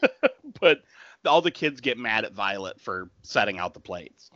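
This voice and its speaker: Animated man recapping a horror movie. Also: on the low side, normal speed, no echo, highs cut off. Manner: animated, laughing, acts out characters' lines. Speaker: podcast co-host. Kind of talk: casual movie recap chat.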